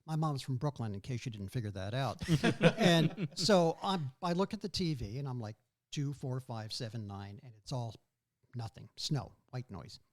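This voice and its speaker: A man in his sixties, a guest on a podcast, telling stories from his childhood in a casual, animated way. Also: mid-range voice, moderate pace. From New York. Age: 60s. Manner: animated, mimics his mother's voice. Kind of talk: casual storytelling.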